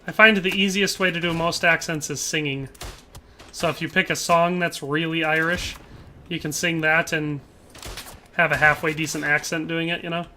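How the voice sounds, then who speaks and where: A man's voice: fairly high pitch, fairly even intonation, normal speed, sharp tone, slight background noise. A young man streaming a shooter game, chatting casually and joking with chat as he plays. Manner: chatty, jokey, tries mock Irish accents. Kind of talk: casual live-stream commentary.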